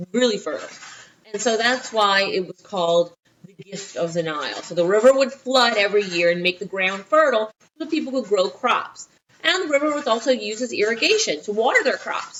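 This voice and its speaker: Animated, chatty woman teaching history. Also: mid-range voice, slight background noise, low-quality recording. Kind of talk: recorded history lesson.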